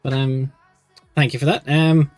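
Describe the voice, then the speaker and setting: A man's voice: mid-range voice, flat delivery, unhurried, a little mellow, no room sound, soft background music. A young man hosting a casual livestream as game master, rambling and upbeat with many restarts. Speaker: stream host and game master.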